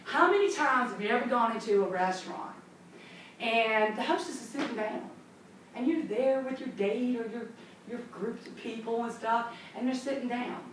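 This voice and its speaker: A woman's voice: on the high side, normal speed. A woman trainer leading a classroom training session, upbeat and chatty, acting out little scenes. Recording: echoey room from far off, noisy.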